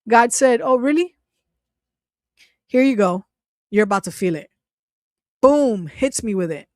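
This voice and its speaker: A woman hosting her own channel, telling a personal story in a plain casual way. Her pitch sits in the middle, and she talks with strong feeling, stopping and restarting and laughing between words. The recording is dry, with no room echo. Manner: emotional, laughs often while telling, halting restarts. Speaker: channel host.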